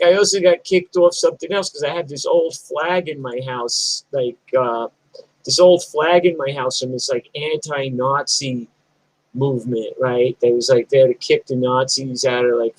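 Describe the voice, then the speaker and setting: A middle-aged punk musician ranting in a blunt, rambling, profane monologue vlog. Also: male voice, mid-range voice, steady tone, moderate pace, dry recording, poor audio.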